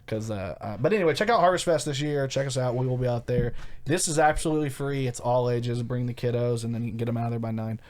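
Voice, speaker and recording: A man's voice: mid-range voice, a little mellow. Laid-back man co-hosting a local podcast. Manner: laid-back, swears freely, quick plugs for events. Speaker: podcast co-host. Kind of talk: casual podcast chat.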